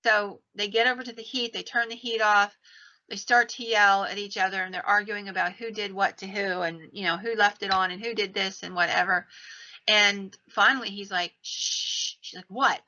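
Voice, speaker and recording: A woman, hosting a podcast and telling ghost stories in a casual, animated way. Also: mid-range voice, normal speed. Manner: animated retelling, acts out quoted lines in her own voice. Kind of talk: casual storytelling. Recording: slightly dull lo-fi podcast audio.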